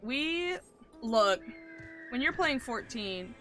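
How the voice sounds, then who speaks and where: Game streamer, woman; bright, forceful tone, excitable and profane, mutters then bursts out. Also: fairly high pitch, drawn-out words, soft background music. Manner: excitable, swings from mutters to loud outbursts, swears freely. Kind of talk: casual live-stream chatter.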